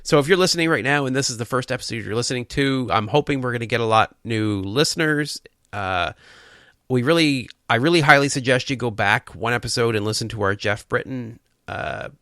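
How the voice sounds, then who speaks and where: Earnest podcast guy, bright forceful voice, super dry close mic. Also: mid-range voice, gravelly, no room sound. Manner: earnest, enthusiastic, talks in bursts with restarts. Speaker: podcast co-host. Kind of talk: casual podcast chat.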